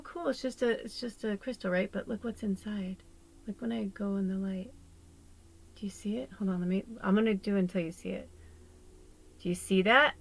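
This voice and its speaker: A woman's voice: a little high, dry recording, rough recording. A young adult woman giving a channeled tarot reading, talking in an earnest, emotional, rambling way with many fillers. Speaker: psychic tarot reader.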